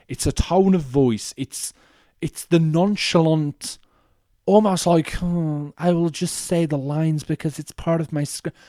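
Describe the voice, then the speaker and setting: A man's voice: on the high side, warm tone, no room sound, clean studio sound. A young man hosting a casual solo movie review podcast, ranting animatedly and swearing often. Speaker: podcast host.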